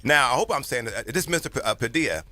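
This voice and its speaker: A man's voice: mid-range voice, lively intonation, bright, forceful tone, faint music behind. A man with a Southern Californian accent co-hosting a sports radio show in a studio, teasing and bantering in casual talk. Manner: playful, teasing, fast banter.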